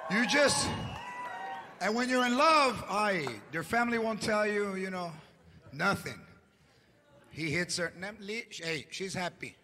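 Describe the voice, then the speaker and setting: A man in his forties doing animated stand-up comedy, shouting punchlines on stage at a live show with audience laughter. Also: high-pitched, a little slow, background noise.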